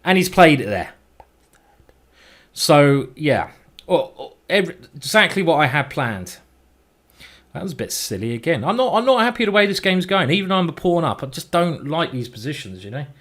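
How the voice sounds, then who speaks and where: A man's voice: on the high side, very animated, normal speed, a bit bright. A man streaming a chess game, chatting and thinking aloud as he plays, with mild swearing. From England. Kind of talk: live game commentary.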